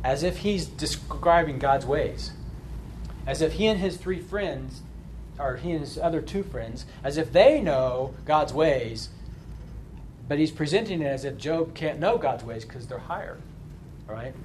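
A man's voice: a little high, animated, a little slow, a little mellow, a little hiss or hum. A man leading a Bible study, explaining informally and often checking in with a rhetorical "right?". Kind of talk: conversational Bible study lesson.

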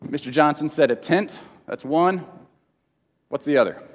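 A man teaching a Bible lesson to a congregation in a casual, halting way, often repeating words and slipping in jokes, at times emotional. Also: a little high, a little hiss or hum. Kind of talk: informal teaching sermon with questions to the room. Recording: long reverb of a large hall.

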